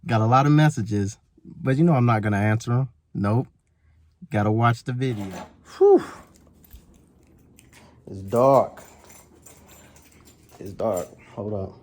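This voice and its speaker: A man walking outdoors at night, out of breath, telling a story to his small handheld camera in a chatty, animated way. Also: medium pitch, moderate pace, dry recording. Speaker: vlogger. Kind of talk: casual storytelling vlog. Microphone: small handheld action camera. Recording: faint outdoor traffic noise.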